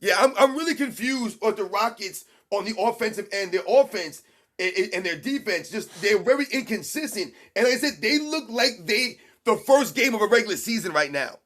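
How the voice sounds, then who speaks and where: A man with a very high voice reacts to a live game, urging players on and ranting with energy. He stresses his points by repeating them and shifts quickly between play-calling and stories. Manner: animated, emphatic, repeats points. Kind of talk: excited live game commentary.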